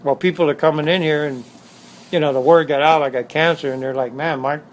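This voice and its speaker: A man's voice: on the high side, fairly even intonation, quick pace, rough recording. A middle-aged man with a Southern Californian accent telling stories in a blunt, streetwise way, repeating himself for emphasis, in a casual interview at his motorcycle shop.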